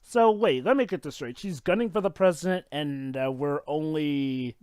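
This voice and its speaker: A man talking over a film in a casual group commentary, rambling, questioning the plot and quick to object. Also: on the high side, a little mellow, clear, resonant tone, dry recording, clean studio sound. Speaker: podcast co-host.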